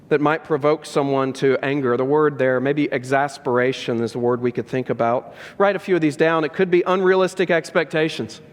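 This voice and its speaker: A man pastor preaching a sermon with earnest, emphatic repetition. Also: a little high. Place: church sanctuary. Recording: long reverb of a large church hall.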